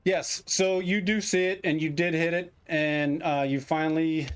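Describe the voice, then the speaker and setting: A man running a tabletop war game as game master, giving rulings at an unhurried, measured pace over an online call. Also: fairly high pitch, fairly even intonation, clear, resonant tone.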